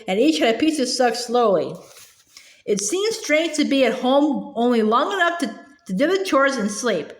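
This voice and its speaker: A woman's voice: high-pitched, roomy sound. A woman reading a children's novel aloud. Her reading is hesitant, with frequent filler sounds and stumbles. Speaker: storybook reader.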